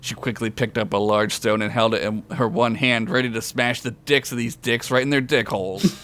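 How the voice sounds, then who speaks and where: A man's voice: mid-range voice, fairly even intonation, moderate pace, a bit bright, slight background noise. A man reading his own comedic story aloud on a podcast, with crude, self-mocking asides and frequent laughter. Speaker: podcast co-host telling a story. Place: podcast recording.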